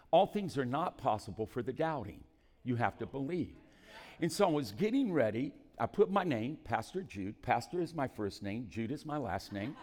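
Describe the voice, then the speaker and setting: A male pastor preaching a sermon, moving between calm scripture reading and loud, shouted exhortation in a church. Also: medium pitch, big-room sound. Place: church hall.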